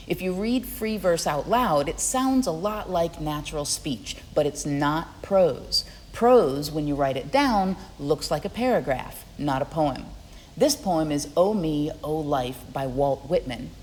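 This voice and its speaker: Woman, teacher, scripted lesson narration, low voice, clear friendly explaining, long reverb. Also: darkish tone, slight background noise. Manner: clear, friendly explaining, reads rhythm examples aloud.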